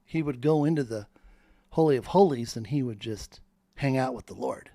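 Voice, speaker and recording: Man, middle pitch, dry close mic, fervent rambling preacher-like monologue. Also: moderate pace, vocal fry, dark tone, dry recording. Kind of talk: spoken monologue.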